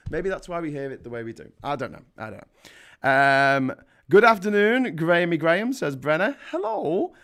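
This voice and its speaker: This history show host, a man in his forties, reads the chat on his casual live stream, joking and chatting and frequently starting his sentences over. His voice is slightly high and a bit bright.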